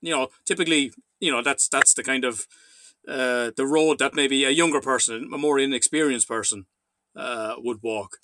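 A man hosting a podcast, asking an interview question in a halting way and repeating words as he frames it. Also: mid-range voice, noisy background. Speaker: podcast host.

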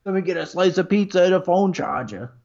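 A man's voice: sits high, animated, a little fast, vocal fry, darkish tone, muffled recording, pitched above the performer's own voice, full character voice. A man putting on a Brooklyn accent to play a rowdy drunk young guy at a basketball game.

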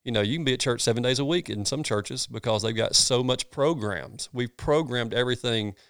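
Pastor guy chatting, earnest and rambly, clear smooth voice. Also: medium pitch, a little fast, a bit bright, no room sound, clean studio sound. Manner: earnest, folksy, preachy, rambling restarts. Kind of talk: casual podcast chat.

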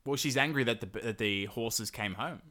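A man, casually retelling a folk tale on a comedy podcast, rambling, swearing, and slipping into quick silly voices for the characters. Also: mid-range voice, bright, forceful tone.

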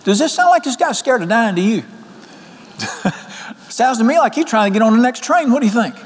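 A man's voice: very high-pitched, a little fast. Folksy preacher man in his sixties. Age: 60s. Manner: folksy, animated, asks the crowd questions. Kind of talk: sermon. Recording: long hall reverb.

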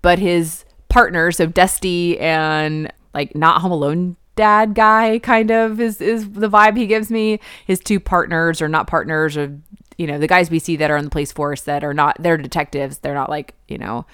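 A woman's voice: fairly low pitch, normal speed, clear, resonant tone, no room sound, studio quality. A woman in casual chat, retelling a film scene by scene with lots of fillers. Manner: chatty, animated retelling with acted quotes and laughs. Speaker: podcast co-host discussing a film.

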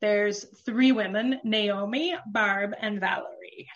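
A woman's voice: medium pitch, steady tone, takes it slowly, dull audio. A woman talking about her comedy book in casual chat, with lots of fillers. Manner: chatty, laughs often, lots of fillers. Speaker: comedy book author, guest.

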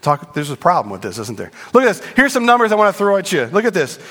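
Middle-aged pastor, high voice, lively and joking, hall reverb. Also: male voice, fast. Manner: animated, joking with the congregation. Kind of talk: sermon. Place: church sanctuary. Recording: long reverb in a large hall.

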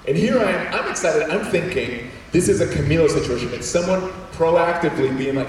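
A man telling a personal story to an audience of students, animated and quick to act out voices, with many restarts. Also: a little high, slight background noise. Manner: animated, acts out voices, repeats words. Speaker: speaker addressing students. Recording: echoey hall from far off.

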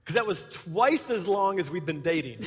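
A man's voice: high-pitched, expressive, moderate pace, slightly rough. A man in his forties, a pastor, telling a humorous personal story to his congregation with laughter along the way. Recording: echoey hall.

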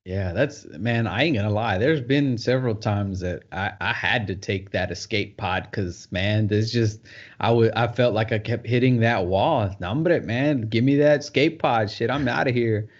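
A man's voice: fairly low pitch, a little slow. A man hosting a podcast, talking enthusiastically and giving motivational asides in casual chat. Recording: dull lo-fi sound.

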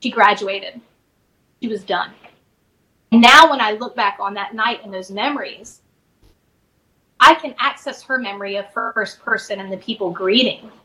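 A middle-aged woman, a spiritual advisor guest, softly and reflectively telling a personal story in a podcast interview, with many fillers and restarts. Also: medium pitch, a little slow, pauses often, low-quality recording.

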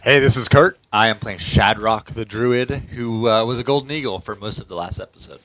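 A man's voice: fairly low pitch, fairly quick, a bit bright, slight background noise, poor audio. A man playing in a tabletop game, giving a casual recap of the last session with frequent "uh" fillers. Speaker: player.

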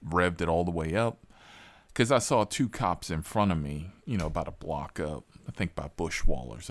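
A man who hosts a rideshare show, telling profane, animated stories in a casual interview. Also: deep voice, no room sound. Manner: profane, animated storyteller with laughs. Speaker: rideshare driver and show host.

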